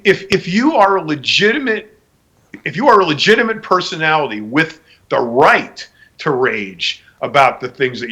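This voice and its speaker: A man's voice: fairly high pitch, pushed and bright. A man co-hosting a casual podcast discussion, rambling and wry, with many restarts. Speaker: podcast co-host.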